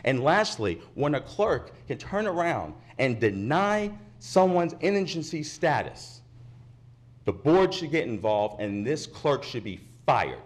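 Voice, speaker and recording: Man, public commenter, indignant, insistent, very lively pitch, podium mic in a meeting chamber. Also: measured pace. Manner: indignant, insistent, repeats his points. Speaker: resident speaking at public comment. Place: county commission meeting chamber.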